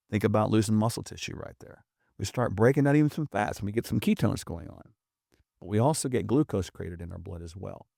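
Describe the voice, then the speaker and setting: A man's voice: fairly low pitch, gravelly, darkish tone, dry recording, clean studio sound. A middle-aged man, a doctor and podcast guest, explaining in an emphatic, earnest and persuasive way. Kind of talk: conversational explaining.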